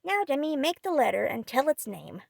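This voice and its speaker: A woman voicing a dignified, unruffled elderly gentleman scholar in an audiobook reading. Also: high-pitched, very animated, moderate pace, vocal fry, no echo, studio quality, exaggerated voice.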